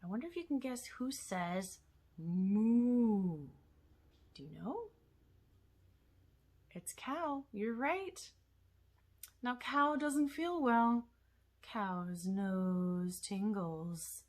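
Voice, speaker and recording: A woman leads a children's storytime rhyme, her voice bouncing up and down in a lively sing-song. She sits a little high in pitch and takes her time, stretching words out slowly so small listeners can follow along. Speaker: children's librarian.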